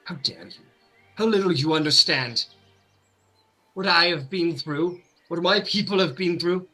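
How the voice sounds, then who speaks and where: A man's voice: medium pitch, unhurried, sharp tone, slightly rough, faint music behind, exaggerated voice, low-quality recording. A man voicing a proud, defensive grieving villager who stammers in indignation. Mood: indignant.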